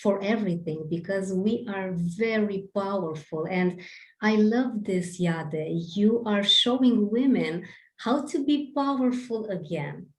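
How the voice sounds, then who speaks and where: Woman hosting a zoom show, talks super slow, echoey room. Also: mid-range voice, a little mellow. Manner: slow, affirming, admiring of her guest. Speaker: host. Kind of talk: interview host on a live video call. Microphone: video call. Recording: roomy video call sound.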